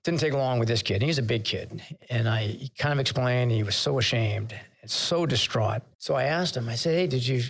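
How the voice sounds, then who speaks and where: A man's voice: mid-range voice, normal speed, vocal fry, few pauses, a bit bright. An older man, a retired admiral, telling candid stories in an interview and growing emotional as he recalls his sailors. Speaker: retired vice admiral, podcast guest. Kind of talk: conversational interview storytelling.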